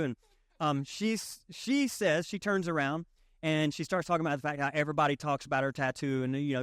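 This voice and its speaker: A man with a Southern drawl preaches in a loose, conversational way, cracking jokes and hammering his points home through repetition. His voice sits high for a man. The sound is dry and close, with no room echo. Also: fairly even intonation, fairly quick, clean tone. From Southern United States. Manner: folksy, joking, emphatic repetition. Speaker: pastor. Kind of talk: conversational sermon.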